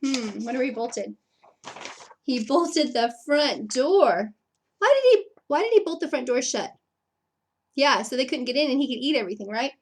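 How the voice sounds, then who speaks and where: A woman's voice: high-pitched, moderate pace, breathy edge. A woman reading a picture book aloud to children, stopping to ask them questions about the story. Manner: lively, questioning, with put-on character voices.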